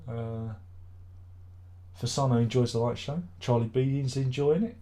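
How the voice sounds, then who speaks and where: A man's voice: mid-range voice, steady tone, a little slow, mellow. A middle-aged man hosting a casual live stream, grumbling, swearing and rambling in exasperation.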